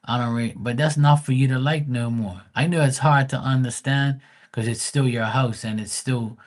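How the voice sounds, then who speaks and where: A man's voice: medium pitch, fairly even intonation, normal speed. A man, giving blunt, profane advice on a casual livestream. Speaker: live tarot reader.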